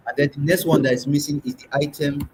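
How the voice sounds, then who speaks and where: A man's voice: on the high side, fairly even intonation, fast, slight background noise, low-quality recording. A man with a Nigerian accent teaching an in-person workshop, patiently quizzing the class and repeating sounds aloud. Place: classroom or meeting room.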